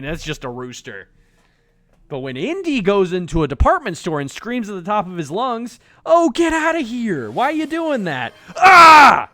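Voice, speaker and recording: Animated, jokey male gaming streamer. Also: fairly high pitch, vocal fry, dry recording. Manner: animated, jokey, swears often. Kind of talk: playing a game and reading it aloud.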